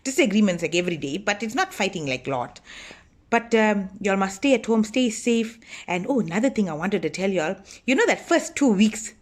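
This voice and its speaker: A woman's voice: mid-range voice, lively intonation, moderate pace, lightly acted. A woman playing a bossy older auntie who chats to viewers in a comic monologue, scolding and gossiping about her lazy husband. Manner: chatty, gossipy, scolding, addresses viewers as y'all. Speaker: comedy sketch character.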